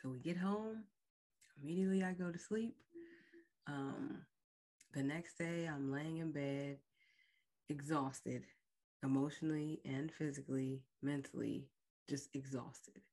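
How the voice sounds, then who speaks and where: A woman podcast host slowly and frankly retelling a painful personal experience in an emotional, storytelling way. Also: sits low, fairly even intonation, mellow.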